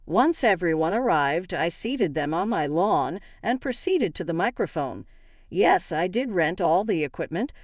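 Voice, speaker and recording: A woman's voice: lowish voice, unhurried, no room sound, studio quality. A woman narrating a dramatic first-person family story, reading every character's lines in much the same voice. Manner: reads all characters in an even narrating voice.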